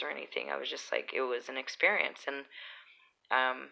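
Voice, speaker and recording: Young woman from utah rambling through stories, low gravelly voice, bright edge. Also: expressive, moderate pace, low-quality recording. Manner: chatty, rambling, lots of fillers. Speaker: vlogger. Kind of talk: casual storytelling.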